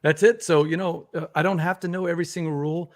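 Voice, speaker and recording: Host: man, loose rambling chat, somewhat high-pitched voice. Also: fast. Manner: relaxed, rambling, frequent restarts. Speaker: podcast host. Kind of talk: casual live-show chat.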